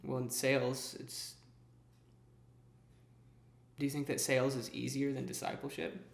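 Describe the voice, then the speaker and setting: A man's voice: mid-range voice, level tone, unhurried, gravelly. A man hosting a casual podcast interview, chatting loosely with plenty of "like" fillers. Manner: loose and conversational, frequent "like" fillers. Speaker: podcast host. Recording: echoey room, voice farther from the mic.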